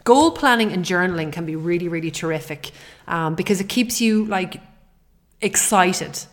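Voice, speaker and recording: A woman's voice: fairly low pitch, lively intonation, moderate pace. A middle-aged woman hosting a podcast, talking in an earnest, heartfelt way with frequent restarts. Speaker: podcast host. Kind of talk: personal podcast monologue.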